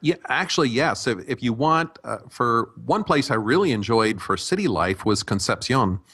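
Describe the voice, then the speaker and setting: An American man in his sixties, a guest telling relaxed stories with frequent restarts in a conversational interview. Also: medium pitch, normal speed, husky. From United States. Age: 60s. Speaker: guest, retirement abroad expert.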